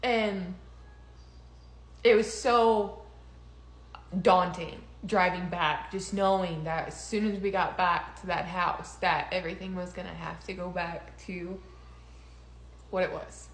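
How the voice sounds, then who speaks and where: A woman's voice: on the low side, fairly even intonation, takes it slowly, pauses often, reverberant. A young woman in casual conversation, telling a personal story with lots of laughter and quoted voices. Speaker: podcast co-host.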